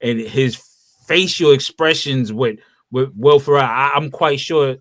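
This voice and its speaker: A man chatting casually as a panel guest, excitable and rambling, swearing now and then as he talks about a film he loves. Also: medium pitch, a little slow, no room sound. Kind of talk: casual chat.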